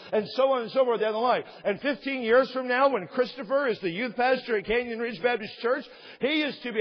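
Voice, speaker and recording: A man preaching a sermon as pastor, impassioned and rising in emphasis, with a voice that is wearing out and husky. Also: very high voice, big-room sound, highs cut off. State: losing his voice. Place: church sanctuary.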